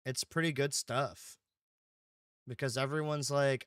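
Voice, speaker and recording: A man's voice: medium pitch, unhurried, a bit bright, clean tone, dry recording, clean studio sound. A man livestreaming a game, rambling casually with lots of swearing and "dude". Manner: rambling, profane, keeps saying dude. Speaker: streamer.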